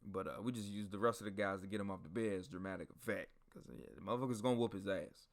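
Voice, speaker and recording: Animated, profane storytelling man. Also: lowish voice, fast. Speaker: podcast host. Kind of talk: casual storytelling.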